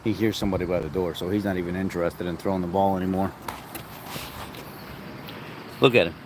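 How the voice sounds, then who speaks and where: Man, lowish voice, casual livestream chat, narrating his dogs, outdoors on a phone, faint background noise. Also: steady tone, a little fast. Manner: chatty, narrates his dogs, baby-talks to them. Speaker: livestream host.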